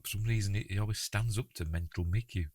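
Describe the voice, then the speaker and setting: A man with a Yorkshire accent hosting a casual film commentary, chatty and quick to laugh, often restarting his sentences. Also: fairly low pitch, darkish tone, no echo.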